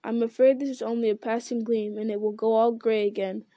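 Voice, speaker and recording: Woman doing a young hobbit guy, eager and polite, bit higher, mellow. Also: little pitch movement, fairly quick, dry recording, highs cut off, close to an everyday voice. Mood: wistful.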